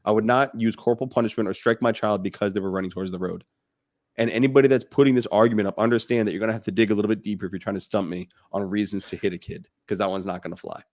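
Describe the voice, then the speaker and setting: A man's voice: fairly low pitch, very fast, no echo, studio quality. A man co-hosting a fatherhood podcast, talking bluntly and animatedly in casual chat. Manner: blunt, animated, jokes with mocking quoted voices. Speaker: podcast co-host.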